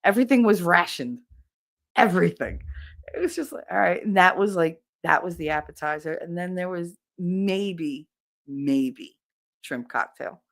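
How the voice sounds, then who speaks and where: A woman's voice: fairly low pitch, measured pace. A woman from the northern United States chatting casually on a livestream, telling a blunt, jokey, rambling family story. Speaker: streamer.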